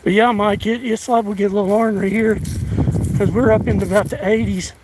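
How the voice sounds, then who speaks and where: A man out of breath, chatting casually on a live stream while walking his rural land, pausing and restarting often. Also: high-pitched, steady tone. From United States. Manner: halting, drawling, many restarts and fillers. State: out of breath, winded. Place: outdoors on rural land in strong wind. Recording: outdoor phone audio with loud wind.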